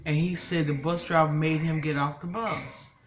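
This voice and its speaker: A woman's voice: sits low, fairly even intonation, normal speed, a little hiss or hum, low-quality recording. Upset older woman telling a story. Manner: upset, tearful, venting. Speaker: vlogger. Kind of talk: emotional storytime chat.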